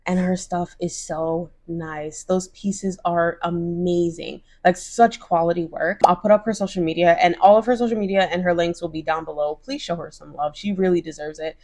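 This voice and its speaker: Young woman, casual vlog chat, slightly low pitch, gushing and chatty. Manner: chatty and gushing, lots of "like" and "oh my gosh"; bright put-on voices when quoting others. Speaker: crochet vlogger.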